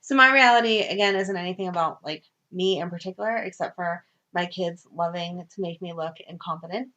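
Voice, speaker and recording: A woman in her thirties co-hosting a podcast, telling family stories in a casual, animated way with frequent laughs. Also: fairly low pitch, brisk. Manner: animated storyteller, laughs often. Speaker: podcast co-host. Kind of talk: casual chat. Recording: dull lo-fi audio.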